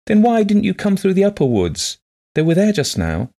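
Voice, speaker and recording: A man reading the part of a gentle, shy blind woman who talks softly and earnestly in simple phrases. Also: high-pitched, huge pitch swings, normal speed, gravelly, voice pushed up, full character voice.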